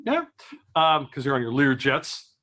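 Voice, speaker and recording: A man's voice: mid-range voice, sing-song, measured pace, bright, forceful tone. A young man doing stand-up, telling stories, acting out voices and laughing at his own jokes. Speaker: stand-up comedian. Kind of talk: stand-up comedy storytelling.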